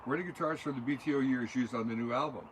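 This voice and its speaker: A man's voice: medium pitch, very fast, rough recording. An older man, a musician being interviewed in a recording studio, answering in a loose, rambling, anecdotal way. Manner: rambling, anecdotal, talks with his hands through examples. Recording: steady background noise.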